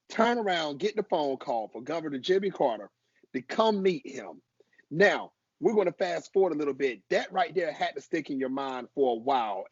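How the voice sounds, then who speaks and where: A man's voice: a little high, slightly rough, dry recording. A male podcast host recapping his guest's story with emphasis, repeating words for effect. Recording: dry, dull, lo-fi mic.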